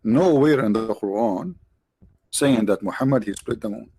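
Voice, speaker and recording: A man with non-native English phrasing hosting a livestream, mocking his subject with rhetorical questions, his voice tired and his throat often cleared. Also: on the low side, moderate pace, dark tone, slight background noise. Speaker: livestream host. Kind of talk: mocking debate commentary.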